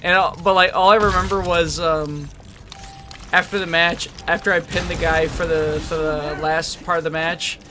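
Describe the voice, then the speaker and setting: A man's voice: a little high, level tone, normal speed, pushed and bright. Laughing man over background noise. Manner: laughing storyteller, swears freely. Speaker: podcast host. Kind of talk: casual chat.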